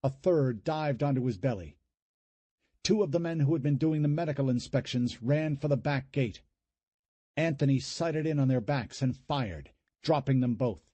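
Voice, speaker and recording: Husky man reading dramatic horror. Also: mid-range voice, moderate pace, mellow, no echo. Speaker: audiobook narrator. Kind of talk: scripted horror narration.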